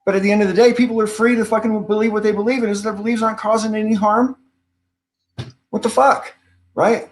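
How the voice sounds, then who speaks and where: A man's voice: high voice, fairly even intonation, fast. A man co-hosting a casual panel podcast, speaking bluntly and swearing freely. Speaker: podcast co-host.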